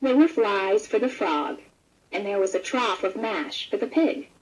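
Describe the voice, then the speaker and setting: Slow, gentle woman reading a storybook. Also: mid-range voice, rough recording. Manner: gentle, expressive read-aloud. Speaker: storybook narrator. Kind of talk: scripted children's story narration.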